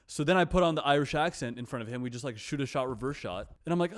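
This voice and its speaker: A man's voice: mid-range voice, quick pace. A man vlogging in a casual, reflective monologue. He is self-deprecating and repeats himself.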